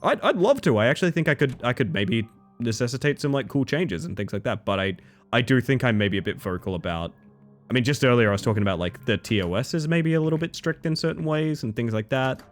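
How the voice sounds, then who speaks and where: A man streaming live and chatting casually with his viewers, animated, often breaking into high squeals and laughter. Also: fast talker, soft background music. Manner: chatty, thanks viewers warmly.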